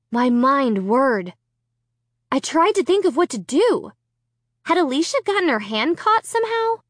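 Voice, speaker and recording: A woman narrating an audiobook with expressive, dramatic storytelling. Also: on the high side, dry recording, studio quality.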